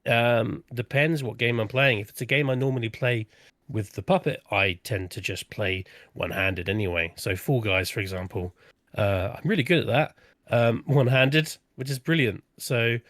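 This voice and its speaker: A man's voice: mid-range voice, normal speed, a bit bright, dry recording, studio quality. A man as a guest in a casual chat, talking hesitantly with many restarts. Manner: hesitant, lots of restarts and fillers. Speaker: guest streamer.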